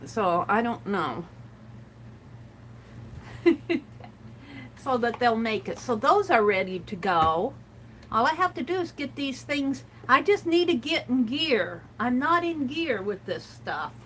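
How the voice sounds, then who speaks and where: A woman's voice: fairly high pitch, big pitch swings, slow, pauses often, fairly bright tone, slight background noise, low-quality recording. A middle-aged woman chatting casually and rambling as she shows her crafts and reads out viewer comments on a livestream. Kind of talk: casual chat while crafting.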